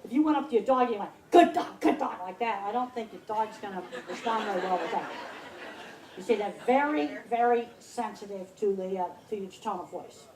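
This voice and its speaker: A woman's voice: mid-range voice, a little fast, darkish tone, some chatter behind. A woman in her sixties giving a blunt, emphatic public talk at an outdoor country fair, repeating words for stress. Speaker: speaker. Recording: roomy, distant mic, faint noise.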